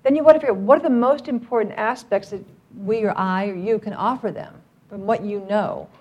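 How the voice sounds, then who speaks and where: A woman's voice: mid-range voice, a little fast, a little mellow, breathy edge. A middle-aged woman training a live audience, upbeat and joking as she coaxes them to speak up. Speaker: workplace trainer on cancer outreach.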